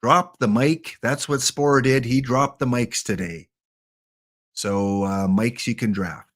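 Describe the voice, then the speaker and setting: A man's voice: mid-range voice, slow pace. A man casually hosting a game live stream, chatting and joking with viewers by name.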